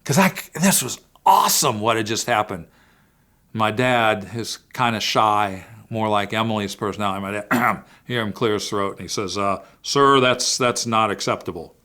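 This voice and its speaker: A man speaking to parents in a faith-based family talk, telling a personal story earnestly and swinging between hushed and emphatic moments. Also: on the low side, normal speed. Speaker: Christian family-series speaker.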